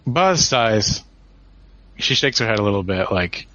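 A man playing a tabletop game narrates his character's moves in a loose, casual way. His voice is lowish with a bright, forceful tone. The recording sounds dull and lo-fi. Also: expressive, a little slow, no room sound. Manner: casual, hedging with fillers. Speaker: player. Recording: dull lo-fi podcast audio.

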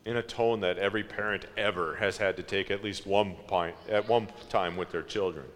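A man preaching a sermon in a slow, reflective way, asking his listeners questions. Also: deep voice, fairly even intonation, fairly bright tone, long reverb tail, a little hiss or hum.

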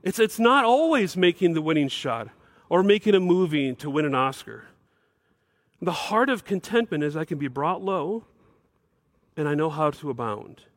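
A middle-aged man delivers a sermon as pastor in a somewhat high voice. He preaches emphatically, often climbing higher on key phrases. The sound is dry and close, with no room echo. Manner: emphatic preaching, rising to bursts of higher pitch.

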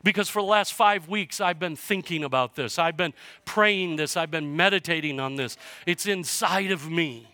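A man preaching a sermon as pastor to his church, passionate and swinging from hushed to loud. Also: fairly high pitch, normal speed, no room sound. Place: church sanctuary.

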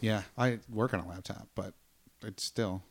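A young man co-hosting a podcast, chatting casually with quick, joking banter. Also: lowish voice, creaky, breathy edge. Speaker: podcast co-host. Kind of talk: casual chat.

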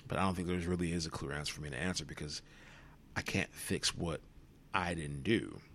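A man's voice: low voice, a little fast, gravelly, a bit bright, slight background noise. A worn-out young man hosting a solo podcast, rambling wearily and swearing freely, sometimes dropping to a whisper. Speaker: podcast host. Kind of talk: solo reflective monologue.

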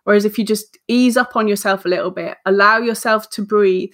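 A woman's voice: mid-range voice, steady tone, brisk, a bit bright. A woman in her forties, a guest author on a podcast, telling a story with energy, acting out her own self-talk and laughing at herself. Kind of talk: casual podcast interview.

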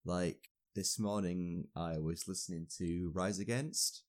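A man's voice: deep voice, steady tone, measured pace. A young man, a university student, chatting casually and rambling a little with fillers. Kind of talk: casual podcast chat.

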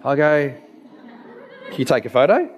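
Emphatic man, fairly high voice. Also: very animated, normal speed, highs cut off, a little hiss or hum. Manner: emphatic, storytelling. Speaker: naturopath. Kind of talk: presentation with slides.

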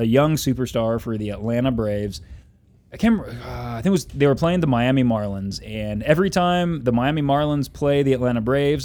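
A man's voice: mid-range voice, a little mellow. A man telling a long, rambling story in casual chat, with lots of fillers and self-corrections.

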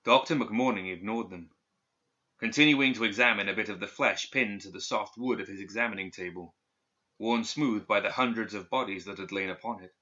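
A man reading a dark fantasy story aloud in steady, even scripted narration. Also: on the low side, a little fast. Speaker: audiobook narrator. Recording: dull lo-fi recording.

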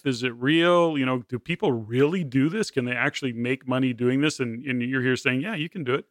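A man's voice: mid-range voice, fairly bright tone, dry recording, clean studio sound. A man hosting a podcast interview, talking in long, rambling turns with many restarts. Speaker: podcast host.

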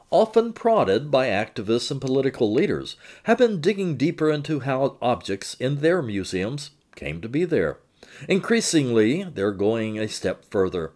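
Man narrating with a lively, mellow voice. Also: mid-range voice. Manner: measured, expressive storytelling. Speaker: reporter narrating his own feature. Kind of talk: scripted narration of a magazine feature.

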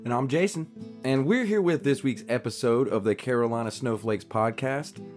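A man's voice: mid-range voice, moderate pace, darkish tone, soft background music. A man from the States, co-hosting a podcast in rambling, self-deprecating casual chat. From Southern United States. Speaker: podcast co-host.

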